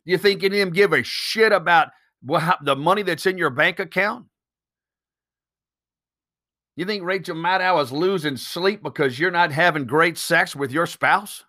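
A man's voice: a little high, normal speed, sharp tone. A man hosting a solo podcast, talking bluntly and emphatically, swearing freely and firing off rhetorical questions. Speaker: podcast host.

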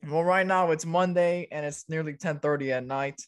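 A man's voice: on the high side, normal speed, smooth. Young man stammering through casual sports chat. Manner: stammering, repeats words, swears freely. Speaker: podcast co-host.

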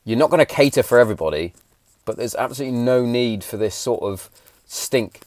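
A man in his thirties ranting on a podcast, blunt and full of swearing. His pitch sits in a middling range, and he gets heated as he talks. The sound is dry and close, with no room echo. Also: lively intonation, a little fast, a little mellow. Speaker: podcast host. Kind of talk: casual podcast rant.

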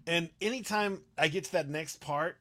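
A man's voice: fairly high pitch, moderate pace, pushed and bright. A man co-hosting a casual live-stream chat, candid and self-deprecating, laughing often as he talks. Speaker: co-host and beatboxer.

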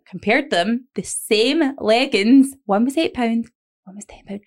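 A woman, co-hosting a podcast in casual chat and telling stories with animated impressions. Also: on the high side, normal speed. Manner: chatty storyteller, animated impressions. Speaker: podcast co-host.

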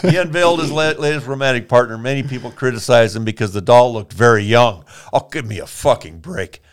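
A man's voice: mid-range voice, fairly quick, clean tone. A man hosting a podcast, reading odd news stories aloud with crude jokes and frequent laughter. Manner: profane, laughs often, reads stories aloud. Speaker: podcast host. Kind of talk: crude comedic banter.

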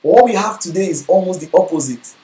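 A man's voice: high-pitched, animated, fairly quick, mellow. A man preaching a sermon, often checking in with the congregation with questions like whether they follow him. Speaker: pastor. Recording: echoey room.

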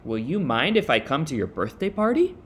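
A man voicing a gentle, patient mother rabbit in a storybook. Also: a little high, sing-song, a little fast, breathy edge, pitched above the performer's own voice, exaggerated voice. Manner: gentle, soothing.

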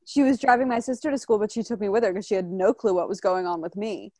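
A woman's voice: mid-range voice, steady tone, quick pace, dark tone. A young woman chatting casually, telling stories in a wry, matter-of-fact way. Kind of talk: casual chat.

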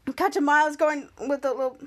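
High-voiced woman recapping a TV episode. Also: steady tone, fast. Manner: retells scenes with quoted lines in raised voices. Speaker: podcast host.

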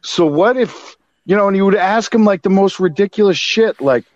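A man's voice: sits high, brisk, a little mellow, no room sound, dull audio. A man chatting casually on a podcast, laid-back and laughing, telling anecdotes. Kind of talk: casual profane chat.

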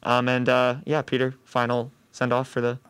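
A man's voice: mid-range voice, completely flat delivery, normal speed, fairly bright tone, clear, resonant tone, dry recording. Young male podcast host, rambling and giggly, dry close sound. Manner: giggly, rambling, with many ums. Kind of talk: casual chat.

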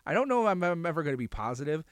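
A man's voice: fairly high pitch, very animated, racing, dry recording. A man co-hosting a podcast, joking in a playfully brash way about being the show's heel. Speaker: podcast co-host. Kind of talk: casual podcast chat.

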